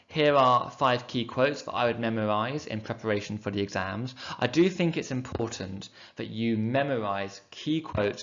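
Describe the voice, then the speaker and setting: A man's voice: mid-range voice, a bit bright, muffled recording. A male teacher, patiently explaining poetic meter in a revision lesson and sounding out the rhythms aloud. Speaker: English teacher. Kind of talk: recorded exam revision lesson.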